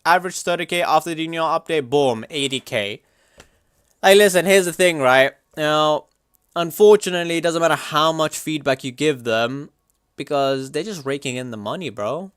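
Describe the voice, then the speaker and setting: A young man livestreaming, chatting casually and reacting to chat in a slangy, animated way. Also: fairly high pitch, normal speed, clean tone, dry recording, clean studio sound.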